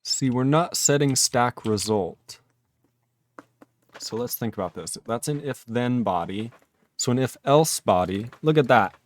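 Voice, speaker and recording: A man's voice: medium pitch, expressive, unhurried. A man live-streaming his programming work, thinking aloud in casual talk, chuckling often and chatting with his viewers.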